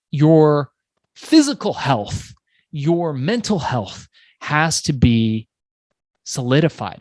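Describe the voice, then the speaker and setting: An animated male podcast host who tells stories with emphatic swings in delivery. His voice sits at a middle pitch. The recording is close and dry, with no room sound. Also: no echo. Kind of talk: conversational podcast interview.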